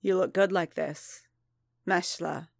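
A woman reading the lines of a mild, teasing male bounty hunter who stays in control, in her own low, dry voice. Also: steady tone, slow pace, creaky, no room sound, heavily acted.

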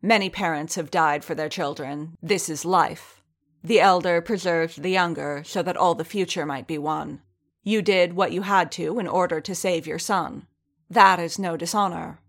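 A woman reading the lines of a stern, dispassionate female warrior leader with a low, dangerous edge. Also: fairly even intonation, moderate pace, fairly bright tone.

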